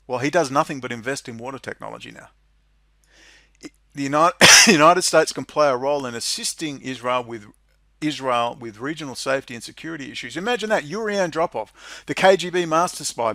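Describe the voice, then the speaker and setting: A man's voice: fairly high pitch, dry recording, studio quality. A middle-aged man with an Australian accent gives a sarcastic, mocking monologue, reading out legislation and commenting on it. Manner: sarcastic, mocking, swings into loud incredulous laughter. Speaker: political commentator.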